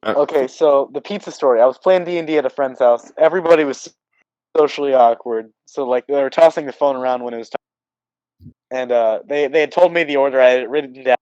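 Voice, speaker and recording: A man's voice: medium pitch, fairly quick, darkish tone, clean tone, no room sound, dull audio. A young man co-hosting a casual podcast, recorded close with a dry sound. He tells his story hesitantly, with plenty of self-deprecation. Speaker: podcast co-host. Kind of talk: casual chat.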